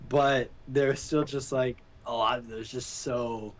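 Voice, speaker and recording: A man's voice: medium pitch, takes it slowly. A man co-hosting a podcast, chatting casually and laughing as he retells movie scenes. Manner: animated, laughing, acts out scenes. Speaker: podcast co-host. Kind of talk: casual chat recapping a movie.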